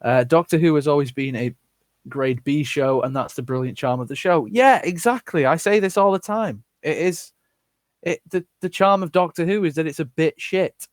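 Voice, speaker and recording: A man's voice: on the high side, normal speed, no echo. Blunt, swearing man in casual chat. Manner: blunt, swears freely, reads comments aloud and reacts. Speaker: channel host answering live chat. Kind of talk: casual live-stream chat.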